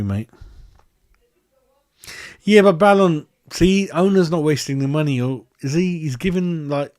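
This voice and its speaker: A man talking football like a fired-up fan, swearing freely and saying it the way he sees it. His voice sits at an ordinary middle pitch and comes through a dry, close handheld mic with no room sound. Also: dry recording. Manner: excitable, sweary and blunt. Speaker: fan channel host. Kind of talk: football match review chat. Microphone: handheld microphone.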